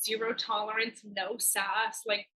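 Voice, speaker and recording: A young adult woman, a singer-songwriter guest on a video call, telling stories in a giggly, animated way with lots of "like". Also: medium pitch, a little slow, low-quality recording. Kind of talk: casual interview chat.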